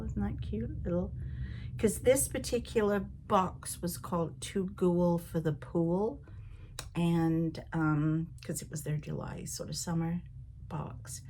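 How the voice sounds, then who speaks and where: A woman's voice: lowish voice, creaky, a little mellow, a little hiss or hum. A woman in her sixties, born in Liverpool and living in Canada for decades, hosting a knitting podcast in a chatty, rambling way, laughing often as she gets over a cold. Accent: Liverpool with Canadian influence. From Liverpool, England. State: recovering from a cold. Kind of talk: casual chat.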